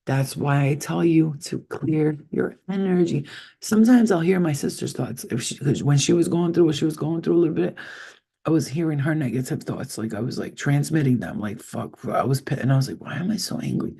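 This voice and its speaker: A man's voice: fairly high pitch, a little fast, creaky, dark tone, husky. A man, a psychic reader, chatting casually with his viewers on a live stream, rambling and swearing freely.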